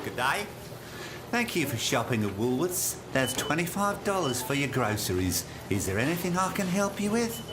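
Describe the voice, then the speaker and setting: A man's voice: on the high side, sing-song, moderate pace, noisy background. A man voicing a polite, patient supermarket cashier in a comedy sketch. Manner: politely formal.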